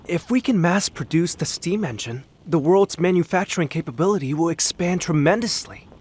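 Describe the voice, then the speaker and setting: A man's voice: a little high, animated, moderate pace, a little mellow, a little hiss or hum, natural voice. An actor voicing an earnest, idealistic male inventor in a video game, speaking formally. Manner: earnest, formal, stammers when flustered. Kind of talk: game voice acting.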